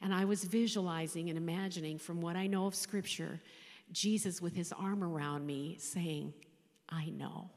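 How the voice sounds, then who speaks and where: Halting woman in her 60s, echoing hall. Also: on the low side, a little mellow. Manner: halting, emotional, often dropping to a whisper. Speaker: chaplain. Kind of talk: personal faith testimony. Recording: long hall reverb.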